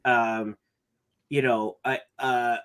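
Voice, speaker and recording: A man co-hosting a casual podcast chat, talking haltingly with many restarts. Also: mid-range voice, flat delivery, fairly bright tone, smooth. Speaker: podcast co-host.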